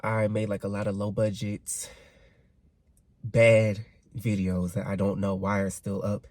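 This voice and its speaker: A man's voice: lowish voice, monotone, measured pace, a little mellow, no room sound. Candid twenty-something man ranting, dry sound. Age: 20s. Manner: candid, talks with his hands, swears casually. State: getting over a cold. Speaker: vlogger. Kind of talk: casual rant to camera.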